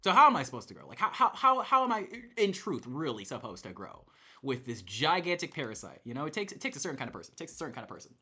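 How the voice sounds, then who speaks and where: A man's voice: mid-range voice, big pitch swings, fast, bright, forceful tone, breathy edge. A man streaming while he plays a game, talking candidly and with some swearing about himself and the people around him. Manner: candid, profane, self-reflective. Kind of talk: rambling stream chat while gaming.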